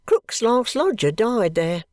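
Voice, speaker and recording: A reader voicing a scheming, sentimental young male law clerk who talks in a confiding, often hushed and whispery way. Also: medium pitch, sing-song, slow pace, dry recording, pitched above the performer's own voice. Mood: hearty.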